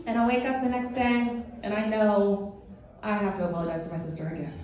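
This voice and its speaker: A woman telling a funny first-person story to a live audience, animated and self-mocking in a casual way. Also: medium pitch. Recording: echoey hall, distant dull mic, faint hiss.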